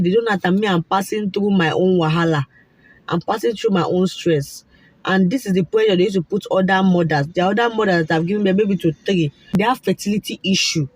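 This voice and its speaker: Husky Nigerian woman telling her story. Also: medium pitch, a little fast. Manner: animated and repetitive, slipping into Pidgin asides. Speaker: vlogger sharing a fertility story. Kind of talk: casual personal storytelling.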